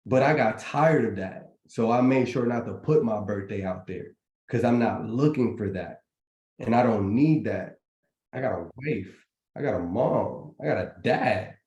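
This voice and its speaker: A man's voice: on the low side, measured pace, a little mellow. Motivational man on a roomy call. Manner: preachy, motivational, slangy. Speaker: trading community host. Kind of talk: casual live group chat. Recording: roomy echo.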